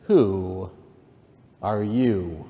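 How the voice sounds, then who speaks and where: A languid storybook caterpillar, read aloud by a man, sleepy and stern with a contemptuous edge. He speaks very slowly in a warm, dark tone. A long reverb trails every word. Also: on the low side, animated. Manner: slow, sleepy and disdainful.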